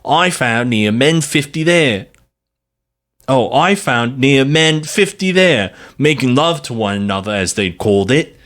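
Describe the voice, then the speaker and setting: A man's voice: expressive, a little slow, fairly bright tone. A man putting on a scandalized Cockney informer. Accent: Cockney, put on. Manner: mimics women in a shrill mincing tone. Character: scandalized old-time male informer. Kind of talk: dramatic reading of a historical quote.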